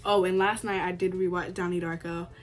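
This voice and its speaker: A woman's voice: fairly low pitch, flat delivery, a little fast, soft background music. Chatty young woman vlogger. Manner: chatty, emphatic, repeats herself. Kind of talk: casual chat to camera.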